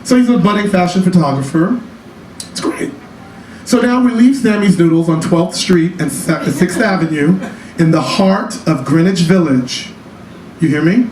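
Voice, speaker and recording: A man's voice: sits high, normal speed, a little mellow, echoey room, distant mic, slight background noise. A man telling a sassy, flamboyant story in a live one-man comedy show, calling the audience child and honey. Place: small cabaret club with an audience. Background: audience laughter.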